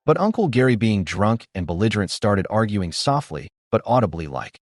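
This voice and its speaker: A man giving scripted first-person narration of a story in a steady, animated storytelling delivery. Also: on the low side, brisk, few pauses, no room sound, studio quality. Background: faint background music.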